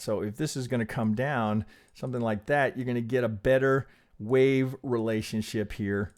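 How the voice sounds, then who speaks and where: Animated man rambling through chart analysis. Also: mid-range voice, normal speed. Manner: animated, rambling, self-interrupting, casual swearing. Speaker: trading analyst.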